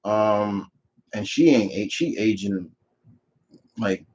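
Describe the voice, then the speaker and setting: A man's voice: fairly low pitch, slow, a little mellow, highs cut off. A man hosting a live viewer Q&A, giving opinionated answers that ramble with frequent restarts. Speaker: channel host answering viewer questions. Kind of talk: live Q&A chat.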